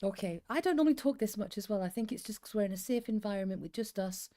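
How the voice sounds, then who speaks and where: A chatty English woman in her fifties co-hosts a casual stream. She rambles, laughs easily and reads stories aloud in her own voice, with a pitch that sits mid-range. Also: expressive, quick pace, mellow. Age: 50s. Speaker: co-host reading stories. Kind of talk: casual livestream chat and story reading.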